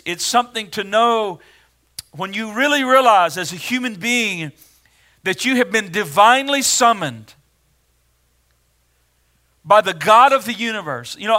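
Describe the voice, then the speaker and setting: A preacher gives a sermon in a high, bright voice, speaking earnestly at a moderate pace with lively intonation. His tone is forceful and clear, and he grows emphatic whenever he reads scripture aloud.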